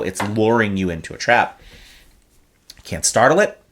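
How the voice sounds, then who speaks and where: A man's voice: on the low side, sing-song, a little slow, a bit bright, a little hiss or hum. A man co-hosting a casual podcast, explaining things at length with hyperbole, cursing and many "uh"s. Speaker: podcast co-host.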